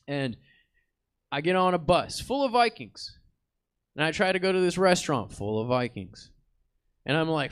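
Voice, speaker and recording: A man's voice: fairly high pitch, moderate pace, a bit bright, smooth. A man performing an improvised comic monologue, telling a rambling story in a laid-back slacker voice full of fillers. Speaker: improv comedian. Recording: stage theater performance.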